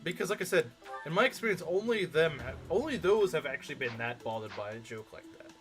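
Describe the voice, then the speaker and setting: A male streamer in casual game chat, answering chat comments in an argumentative way. His voice sits a bit high and swings widely in pitch, with soft game music under it. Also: sing-song, fast.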